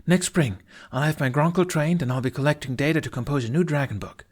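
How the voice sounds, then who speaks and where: A man's voice: a little high, big pitch swings, a little fast, voice pushed up. Male reader as a nervous, eager big young Viking man. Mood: excited. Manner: eager, flustered.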